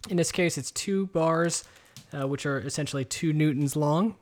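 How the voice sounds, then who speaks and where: Speaking at a moderate pace in a slightly high voice, a man co-hosts a laid-back podcast from his home kitchen. His headset microphone with headphones catches rambling talk with many fillers and restarts.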